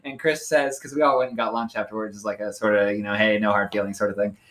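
A man's voice: lowish voice, fast, fairly bright tone. A man co-hosting a casual podcast chat about running. He rambles with many fillers and pokes fun at himself. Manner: rambling, lots of fillers like "like" and "um", self-deprecating. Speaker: podcast co-host.

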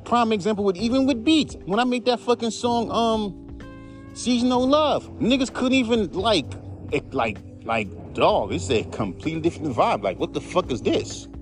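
A man's voice: sits high, expressive, normal speed, faint music behind. A man who raps, ranting in a casual, profane, heated way on his podcast. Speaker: podcast host, rapper. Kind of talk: casual rant.

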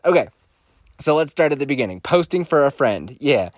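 A man's voice: mid-range voice, brisk, no room sound, studio quality. A man telling crude comic stories alone at his mic, laughing often and swearing freely while he is congested from a cold. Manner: profane, laughs often, animated storytelling. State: congested sinuses. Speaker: podcast host. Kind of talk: casual comedic monologue.

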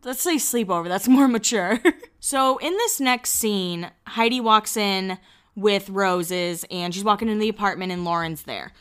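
Chatty young woman with a smooth voice. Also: mid-range voice, a bit bright. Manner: chatty, laughs often, quotes people in quick asides. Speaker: podcast host recapping a reality show. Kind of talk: casual chat.

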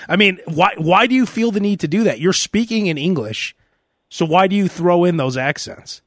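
A man in his thirties hosting a podcast, telling rambling, animated stories and laughing as he goes. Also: sits high, normal speed, no room sound, clean studio sound. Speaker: podcast host. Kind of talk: casual podcast chat.

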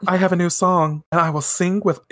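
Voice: medium pitch, little pitch movement, a little fast, a bit bright, no echo, studio quality, pitched above the performer's own voice, natural voice. A podcast host voicing a young comic heroine and pop idol, making grand theatrical declarations. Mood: showy.

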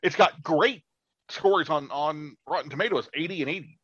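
A man's voice: a little high, fairly bright tone, no echo. Blunt man, dull lo-fi podcast audio. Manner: halting, crude and blunt. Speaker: podcast co-host. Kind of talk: casual chat.

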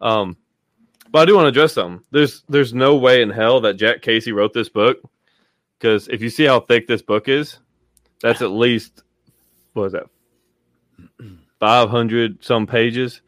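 A man's voice: medium pitch, unhurried, long pauses, fairly bright tone, no echo, clean studio sound. A man co-hosting a casual live chat, telling stories with chuckles and jokes. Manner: chuckling, joking storyteller. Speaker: co-host.

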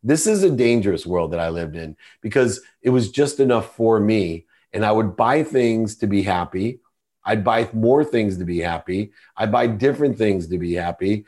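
A man's voice: on the low side, lively intonation, normal speed, a little mellow. A middle-aged man, a podcast guest, telling a personal story in an earnest, confessional way.

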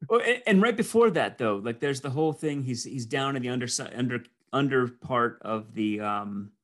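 A man's voice: medium pitch, expressive, normal speed. A man in casual conversation, enthusiastically recounting film scenes and often restarting his sentences. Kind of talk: casual movie review chat.

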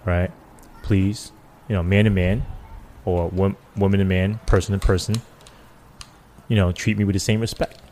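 A man's voice: sits low, moderate pace, pauses often, slight background noise. A man who was a police officer, telling stories casually in an interview and acting out the people he quotes. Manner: animated, acts out quoted people with loose slang.

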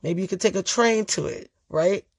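Brief: a profane, emphatic storyteller talking straight to camera at a mid pitch, with a dry, close sound. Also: normal speed, no room sound. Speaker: storytelling vlogger. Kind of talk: casual storytime monologue.

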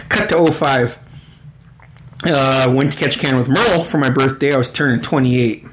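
A man's voice: mid-range voice, moderate pace, a bit bright, a little hiss or hum. A man in his forties telling a casual story, rambling and swearing often, breaking into laughter. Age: 40s.

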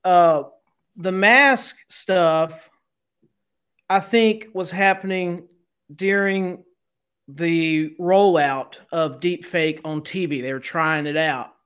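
A man co-hosting a casual podcast, talking in an animated way with swearing and easy laughter. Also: on the high side, slow pace, clean tone. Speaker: podcast co-host. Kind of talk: casual chat.

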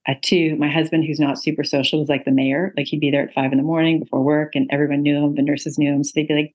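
A woman's voice: low voice, little pitch movement, fast talker, a little mellow, low-quality recording. A middle-aged woman, an author and interview guest, telling a personal story earnestly with many ums and uhs. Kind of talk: interview conversation.

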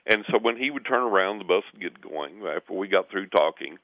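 A man with a very deep voice talks through an anecdote, animating the people in it. He comes through a thin, tinny phone line that sounds dry and close. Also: a little fast, no room sound. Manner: animated storyteller, acts out quoted voices. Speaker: guest. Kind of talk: conversational storytelling.

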